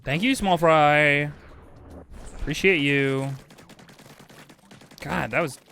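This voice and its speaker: A man streaming a video game live, chatting with viewers and reacting loudly, swinging between excited yelps and low mutters. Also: slow, vocal fry, slight background noise. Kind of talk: casual live gameplay commentary.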